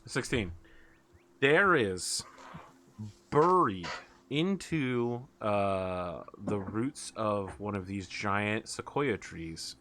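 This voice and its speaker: A man's voice: fairly low pitch, animated, very slow, a bit bright, slight background noise. A man narrating as game master for a tabletop game, playful and teasing with his players.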